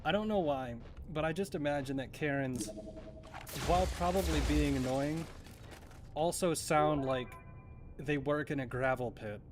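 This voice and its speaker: A man's voice: on the high side, normal speed, music in the background. A man from New Zealand streaming a game, chatting casually in a rambling, joking and profane way. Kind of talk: casual chat while gaming.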